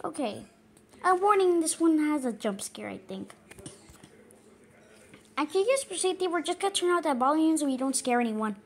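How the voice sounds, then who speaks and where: A woman voicing a squeaky, cheerful male cartoon mouse who rambles nervously while reacting to a video, breaking into frantic yelps. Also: animated, normal speed, pauses often. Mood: sheepish. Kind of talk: in-character reaction commentary.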